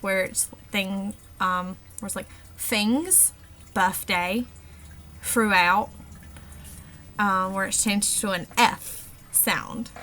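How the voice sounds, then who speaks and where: A woman giving a class presentation on a dialect, hesitant and filling pauses with frequent ums. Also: mid-range voice, bright, forceful tone, a little hiss or hum. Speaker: student presenter.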